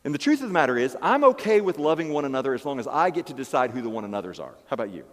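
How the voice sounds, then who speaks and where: A man's voice: medium pitch, sing-song, racing, big-room sound. A man preaching a sermon as pastor, emphatic and fond of repeating key phrases. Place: church.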